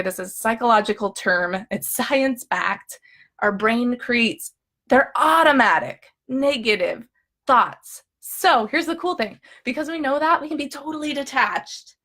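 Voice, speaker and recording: Upbeat, higher-voiced woman coaching viewers. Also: sharp tone. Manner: upbeat and chatty, checks in with frequent "okay?"; acts out her own inner thoughts dramatically. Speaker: emotional eating coach. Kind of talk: live coaching talk to viewers.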